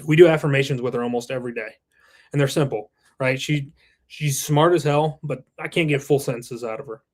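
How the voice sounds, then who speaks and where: Medium in pitch and a little fast, this voice belongs to a roofing company president in his thirties guesting on a podcast. He's earnest and introspective in the casual interview, with an occasional curse word.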